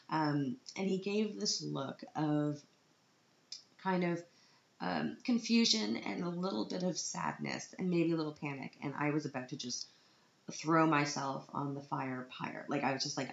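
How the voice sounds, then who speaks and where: Low-voiced woman, tearful and dramatic. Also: normal speed, creaky. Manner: dramatic, self-mocking, acts out quotes. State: tearful, on the verge of crying. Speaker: parent vlogger. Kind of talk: personal storytelling vlog. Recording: roomy, dull lo-fi sound.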